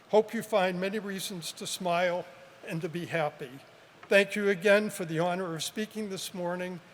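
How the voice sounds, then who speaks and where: A professor in his seventies giving an earnest, measured commencement speech with gentle humor, at a podium microphone at an outdoor ceremony. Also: high voice, big-room sound, a little hiss or hum.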